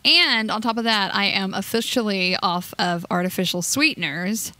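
A young woman chats her way through a game session, talking fast and scattered and giggling as she goes. She slips into a high cooing voice for the cute creatures on screen. Her voice sits in a middle pitch, recorded close and dry. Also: bright, forceful tone, dry recording. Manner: hyper and scattered. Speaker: let's play host. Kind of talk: casual gameplay commentary.

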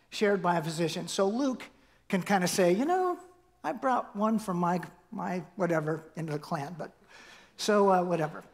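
A high-pitched middle-aged man preaching in a church. He talks in a loose, conversational way, full of fillers and restarts. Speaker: pastor. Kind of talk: sermon.

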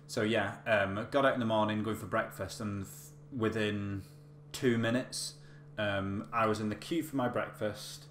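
Rambling male vlogger, low voice, roomy echo, casual storytelling. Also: steady tone, a little slow, fairly bright tone. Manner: chatty, rambling with many fillers and restarts. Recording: echoey room with faint hum.

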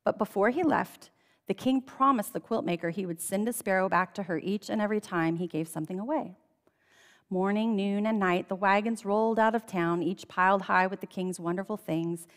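A woman's voice: mid-range voice, a little fast, in a large hall. A woman reading a children's storybook aloud in a church, telling it expressively and lingering on key phrases. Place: church sanctuary.

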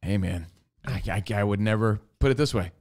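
A young man co-hosting a casual podcast, telling a story with lots of laughs and quick jumps into put-on voices. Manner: animated, jumps into high put-on voices for quotes, laughs often. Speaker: co-host.

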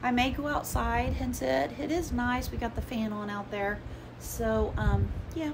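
Rambling woman filming a casual home vlog on a handheld camera, with a clear hiss of noise behind her; she slips into whispers now and then. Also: fairly high pitch, steady tone, a little slow. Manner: chatty, rambling, many "um"s; drops to a whisper at times. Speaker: vlogger. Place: at home, inside and in the yard.

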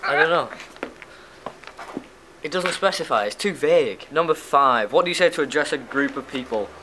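A man's voice: fairly high pitch, lively intonation, normal speed, sharp tone, slight background noise, low-quality recording. A young man with a Lancashire accent, chatting casually and bluntly in a vlog, swearing now and then. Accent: northern English, Lancashire. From Lancashire, England. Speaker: YouTube vlogger. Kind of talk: casual chat, doing a tag video.

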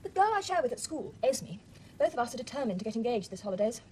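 An excitable upper-class schoolgirl chatters away quickly in a high voice that leaps about. She spills one breathless enthusiasm after another. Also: a little hiss or hum. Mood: excited. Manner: breathless, gushing. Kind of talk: 1970s TV period drama acting.

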